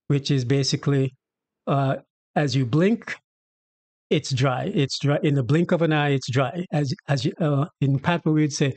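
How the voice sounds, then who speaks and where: A man from Jamaica with a Jamaican accent, casually explaining his native Patois as host and acting out bits of dialogue in a chatty, relaxed way. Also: fairly high pitch, normal speed, no room sound.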